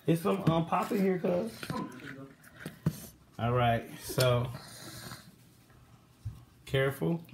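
A man's voice: on the high side, lively intonation, slow pace, creaky, pauses often, a little hiss or hum. A man in a home kitchen, casually talking viewers through a cooking session as he patiently coaches children step by step. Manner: coaxing, patient, calls out directions. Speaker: vlogger teaching kids to cook. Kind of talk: casual vlog instruction.

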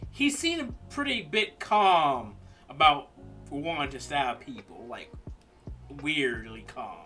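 A man's voice: fairly high pitch, very animated, slow, sharp tone, faint music behind. A man hosting a reaction video in a casual, chatty way, laughing often. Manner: laughing, casual, uses filler words.

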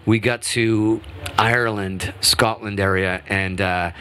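Deep-voiced man telling animated stories. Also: slow, a little hiss or hum. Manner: animated, restarts often, acts out quotes. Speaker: guest musician. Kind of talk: casual interview storytelling. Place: radio studio.

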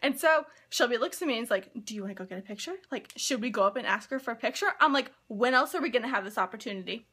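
A young woman in college vlogging excitedly and gushing, with lots of "like" fillers. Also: fairly high pitch, very fast, few pauses, slightly rough. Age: young adult. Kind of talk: casual vlog.

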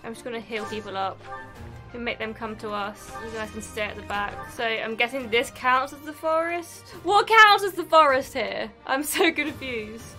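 A young woman hosts her own let's play, excitable and quick to swear. Her voice is high, bright and animated, and soft game music runs underneath. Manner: excitable, swearing, laughing often. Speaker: gaming video host.

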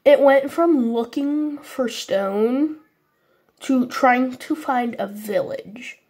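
A woman talks through her Minecraft session in a high, mellow voice, unhurried and chatty. Her voice is slightly husky and sniffly from a recent cold. She keeps apologizing to her viewers and speaks in a vague put-on foreign accent. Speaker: gaming channel host. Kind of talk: casual Minecraft gameplay commentary.

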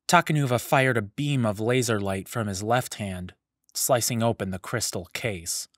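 A man narrating a fantasy story serial in a measured, even storytelling manner, close to the mic. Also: lowish voice, dry recording. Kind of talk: scripted audiobook narration.

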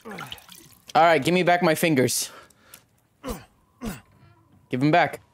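A young man streaming a horror video game, reacting with excitable, profane trash-talk into a desk mic at home. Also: on the high side, takes it slowly, slight background noise. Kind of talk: let's play commentary.

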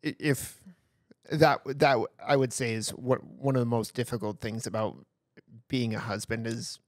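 A man's voice: medium pitch, steady tone, measured pace, no room sound, studio quality. Blunt, foul-mouthed male podcast co-host. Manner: blunt, swears freely. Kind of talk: casual chat.

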